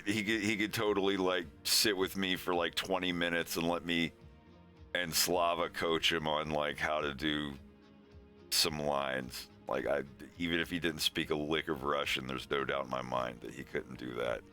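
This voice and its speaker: A man's voice: a bass voice, flat delivery, normal speed, bright, forceful tone, soft background music. A man hosting a casual livestream, chatting in a rambling way with frequent laughs. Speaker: animator and show host.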